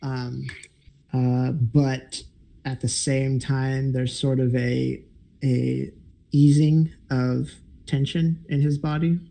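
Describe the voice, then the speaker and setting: A man narrates a tabletop game as its game master, pausing often and filling gaps with ums. His voice is low-toned and gravelly, and he takes his time. The delivery stays mellow throughout. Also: flat delivery. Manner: halting, many fillers.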